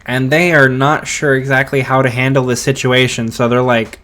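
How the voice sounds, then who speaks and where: A man's voice: mid-range voice, flat delivery, moderate pace, few pauses, a bit bright. A man casually narrating a fan story, hesitant, with many fillers and restarts.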